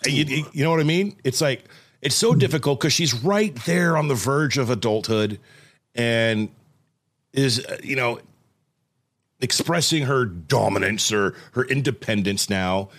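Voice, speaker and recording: A man's voice: mid-range voice, measured pace, a bit bright. A man in his forties telling a family story in a casual chat, acting out the voices of others as he goes. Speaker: podcast co-host.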